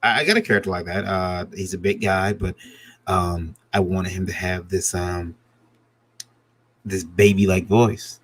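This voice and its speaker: A man's voice: low-pitched, steady tone, a little slow, fairly bright tone, no echo. A man chatting casually about writing comics, rambling and restarting his sentences with jokes along the way. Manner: rambling, self-interrupting, jokey. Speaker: comic creator guest. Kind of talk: casual panel chat.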